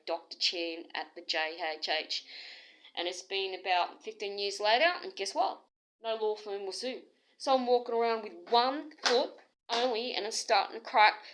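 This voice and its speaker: Her mid-range voice is a bit bright, though the audio is poor. She is an Australian woman airing an aggrieved personal grievance in an agitated ramble, hopping between stories.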